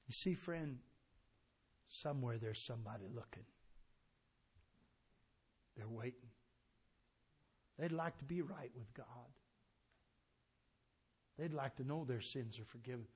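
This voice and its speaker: A man preaching a sermon with fervor, swinging from loud to hushed. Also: medium pitch, husky.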